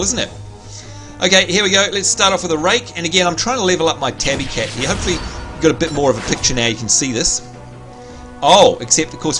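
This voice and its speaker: An Australian man giving live commentary on his gameplay, excitable and prone to sudden high squeals of delight. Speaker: game streamer. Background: faint game music.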